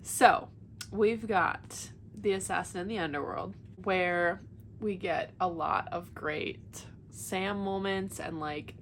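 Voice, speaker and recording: A woman's voice: fairly low pitch, a little hiss or hum. A young woman vlogging about a book series she is rereading, chatting with many filler words and reading passages aloud. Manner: gushing, excitable, many "like" fillers. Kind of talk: casual chat and reading aloud.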